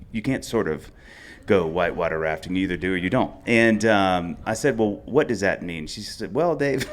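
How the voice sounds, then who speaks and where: Rambling man, low voice. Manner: rambling, self-mocking comic storyteller. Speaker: podcast co-host. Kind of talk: live podcast storytelling. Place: outdoor festival stage.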